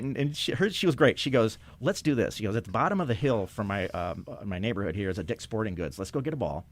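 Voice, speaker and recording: A man, a guest filmmaker, telling animated stories in conversation, acting out the voices of the people he quotes and laughing often. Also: fairly low pitch, quick pace, hardly any pauses, no echo. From Michigan.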